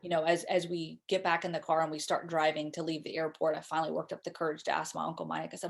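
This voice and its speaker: Halting woman telling a painful story. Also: deep voice, level tone, vocal fry. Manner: halting, emotional, many repeated words. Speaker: guest speaker. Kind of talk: personal storytelling interview.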